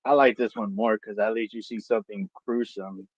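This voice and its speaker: A man chatting on a stream in a halting, blunt way, often repeating words. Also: lowish voice, fairly even intonation, dry recording. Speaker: guest on a watch-party stream. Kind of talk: casual livestream chat. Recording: dull lo-fi mic.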